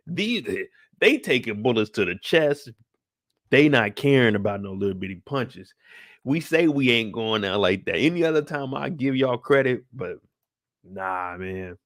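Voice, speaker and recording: Brief: young man, profane and animated show recapper, tired, sighing, dry close sound. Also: mid-range voice, no echo. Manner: profane, acts out scenes with voices and sound effects. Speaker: YouTube show recap host. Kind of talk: animated casual recap commentary.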